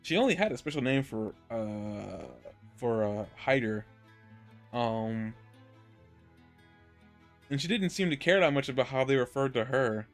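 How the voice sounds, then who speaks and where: Guy on a podcast rambling about an anime ep, lots of restarts, mid pitch, faint music in back. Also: animated, measured pace, long pauses. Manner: rambling, many restarts, laughs easily. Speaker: podcast co-host. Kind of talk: casual anime review chat.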